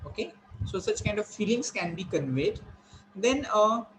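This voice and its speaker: Male lecturer, slightly raised pitch, halting and repetitive classroom delivery. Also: sing-song, a bit bright, a little hiss or hum, rough recording. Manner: explanatory, repetitive, many fillers and restarts. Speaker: college lecturer.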